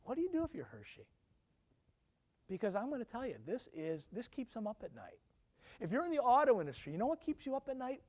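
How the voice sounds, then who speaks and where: A man's voice: extremely high pitch, wildly swooping pitch, fairly quick, a little mellow. A man, a professor, giving a conversational lecture to alumni, peppering the room with questions and self-deprecating asides. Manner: conversational, quizzing the audience with questions.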